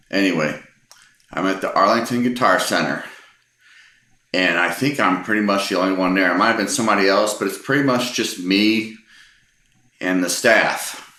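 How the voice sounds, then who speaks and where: Man, middle-aged, very low voice, bright edge, rambling storyteller, lots of ums, echoey room. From Texas. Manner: rambling, hesitant, many ums. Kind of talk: casual anecdote telling.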